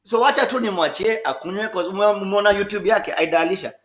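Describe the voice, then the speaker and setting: A man chats casually as a podcast co-host, moving easily between English and Swahili. His voice sits fairly high for a man, and the room around him is noticeably echoey. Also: fast talker. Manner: relaxed, mixes English and Swahili, reads viewer comments aloud. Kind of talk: casual livestream podcast chat.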